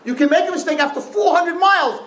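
A man giving a humorous Torah lecture, animated and checking in with listeners with a frequent "right?". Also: very high-pitched, fast talker, roomy sound, poor audio. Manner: animated, repeats "right?" to the audience. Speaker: religious teacher.

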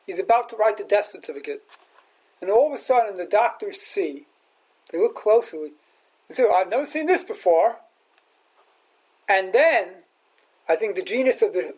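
A man preaching as a rabbi and teacher retells a film scene within his sermon, animatedly acting out its lines. His voice is high-pitched and husky, at a moderate pace, on a rough recording.

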